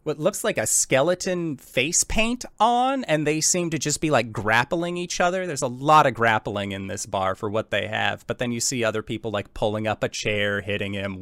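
A man narrating a tabletop game as game master, describing scenes in a relaxed way full of fillers. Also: medium pitch, no echo, studio quality.

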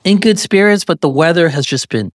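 A man co-hosting a casual podcast, animated and giggly, dropping "like" often. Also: a little high, brisk. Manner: laughing, animated, says "like" often. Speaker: podcast co-host.

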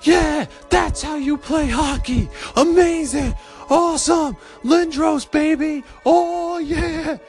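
A man putting on an excitable boy who screams in frantic delight while watching hockey. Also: slow, soft background music, full character voice. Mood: screaming excited. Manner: shrill, frantic yelling.

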